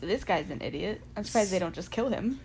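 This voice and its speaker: A woman's voice: mid-range voice, expressive, fairly quick, a little mellow, a little hiss or hum, low-quality recording. A young woman co-hosting a casual movie podcast, blunt and swearing often, laughing a lot, recorded on a phone. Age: young adult. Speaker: podcast co-host. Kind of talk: casual chat watching a movie.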